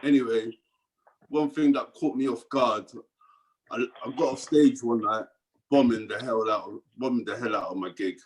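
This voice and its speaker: A man's voice: medium pitch, steady tone, moderate pace, poor audio. Cockney man doing stand-up. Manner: rambling, mumbled asides, chuckles at own jokes. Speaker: stand-up comedian. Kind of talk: stand-up comedy set. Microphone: video call.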